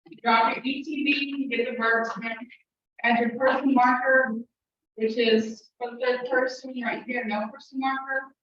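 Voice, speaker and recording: A woman teaching an evening language class, walking students through each step with a patient, encouraging manner and speeding up when she gets excited. Her voice sits a little high. It is picked up from a distance in a strongly echoing classroom, with a dull, muffled sound and faint noise behind. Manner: talks fast when excited. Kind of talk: classroom instruction. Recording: echoey room, distant mic, muffled.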